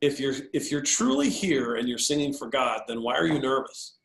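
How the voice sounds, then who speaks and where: A cool, unhurried pastor gently asks questions, as a man quotes him in a story. The delivery stays calm and plain, close to an everyday voice. A slight room echo hangs around it. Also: medium pitch, vocal fry. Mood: calm, probing.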